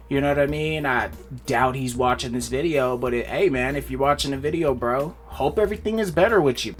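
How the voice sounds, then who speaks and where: A young man casually retelling a wild fight story, acting out the other people's lines as he goes. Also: fairly high pitch. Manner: animated retelling with voiced quotes.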